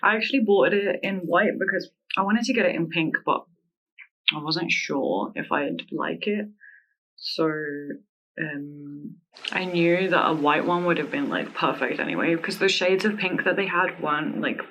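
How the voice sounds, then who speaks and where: A woman vlogging a casual product review at home, gushing and excitable, with many "like" fillers and frequent giggles. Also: lowish voice, normal speed, rough recording. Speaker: beauty vlogger reviewing a wig.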